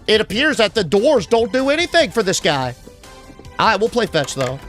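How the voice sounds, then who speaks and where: A young man streaming a game live, chatting casually and answering his chat with shout-outs. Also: sits high, very animated, normal speed, soft background music.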